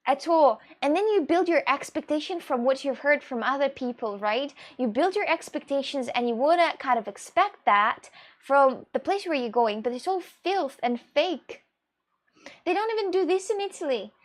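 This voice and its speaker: A Russian woman with a high, light voice, whose first language is Russian, chats casually on her stream. She rambles expressively through viewer questions and laughs often. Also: animated, moderate pace.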